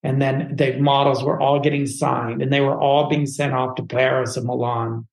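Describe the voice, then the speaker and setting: A man, a photographer guest, telling his life story in a casual, animated way, full of "like" and "dude". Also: medium pitch, moderate pace, vocal fry. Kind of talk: personal storytelling in a podcast interview. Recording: roomy echo.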